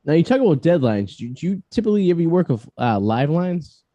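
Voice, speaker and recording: A man with a Boston accent hosts a casual podcast interview, cracking self-mocking jokes and bantering. His mellow voice runs on the high side with big pitch swings and a quick pace, in a dry recording with dull audio.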